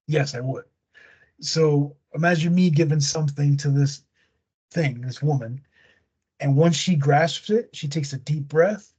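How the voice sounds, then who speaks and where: A man hosting a casual podcast, slangy and animated as he retells a movie plot. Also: on the high side, a little slow, breathy edge, dull audio. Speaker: podcast host.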